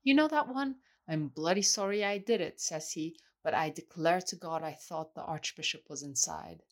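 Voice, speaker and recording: A man's voice: on the high side, normal speed, a bit bright, close to an everyday voice. A woman reader voicing a jovial, boisterous man who keeps exclaiming and sneezing. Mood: chatty.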